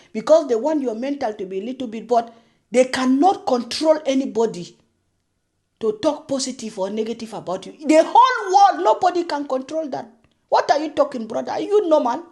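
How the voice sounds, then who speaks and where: A woman's voice: high voice, a little mellow. A young woman vlogger ranting sarcastically, scolding and laughing often as she reacts. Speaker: YouTube commentary vlogger. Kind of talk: mocking reaction rant.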